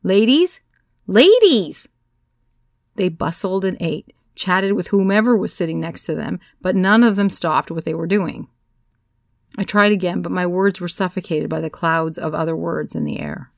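Gravelly woman narrating a story. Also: lowish voice, fairly even intonation, no room sound, studio quality. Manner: measured storytelling, wry. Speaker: audiobook narrator. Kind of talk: first-person scripted narration.

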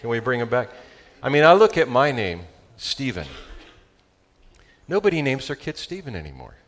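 A male pastor with a Southern California accent preaching a sermon, animated and joking with his congregation. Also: medium pitch, moderate pace.

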